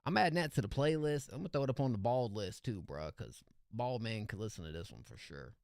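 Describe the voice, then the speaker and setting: A young man hosting a live-stream song review, excitable and slangy, laughing often as he reacts. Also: lowish voice, fast talker, creaky, dry recording, clean studio sound.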